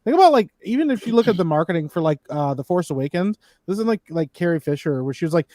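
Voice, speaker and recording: A male co-host rants with animated, profane energy in casual podcast talk. He speaks very quickly, a bit high for a man, and sounds dry and close. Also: no room sound. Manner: rapid, profane, animated ranting.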